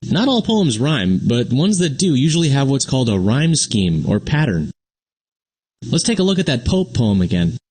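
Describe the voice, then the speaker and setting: A man's voice: medium pitch, sing-song, normal speed, darkish tone, husky. A man voicing a friendly young cartoon explainer who teaches the basics of poetry in scripted, upbeat narration. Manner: upbeat, explains simply and answers an unheard sidekick.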